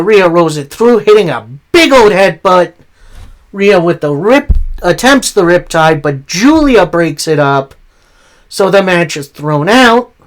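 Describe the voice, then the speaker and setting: A man hosting a casual weekly wrestling recap, retelling the action play by play with frequent filler pauses. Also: sits high. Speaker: wrestling show recap host.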